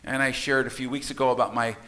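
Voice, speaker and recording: A man's voice: mid-range voice, flat delivery, quick pace, sharp tone. A middle-aged man, a minister, delivering a folksy, storytelling sermon to his congregation in a church, with asides to the listeners. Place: church sanctuary.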